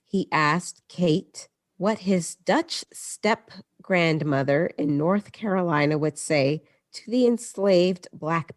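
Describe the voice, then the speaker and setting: Woman podcaster, low voice, casual storytelling, dry close sound. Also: no echo. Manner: conversational, mixes read passages with asides. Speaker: podcast host.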